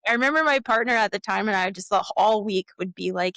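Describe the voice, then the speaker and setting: A woman's voice: mid-range voice, fast talker, a bit bright, no room sound. A woman guest author in a casual podcast chat, talking loosely with frequent little laughs and filler words. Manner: chatty, giggly, lots of "like" fillers.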